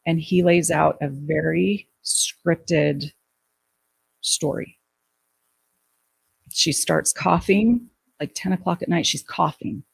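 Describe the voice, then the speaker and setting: A middle-aged woman telling an emotional personal story in an interview, halting and restarting her sentences. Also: low voice, gravelly, slightly rough, low-quality recording. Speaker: guest recounting a family death.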